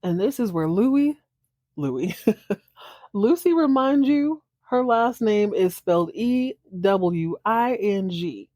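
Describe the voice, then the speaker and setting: A woman hosting a podcast, giving sassy, animated commentary on a TV episode and laughing often. Her pitch moves a lot around a middle range. The sound is dry and close. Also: slow, no room sound. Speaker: podcast host.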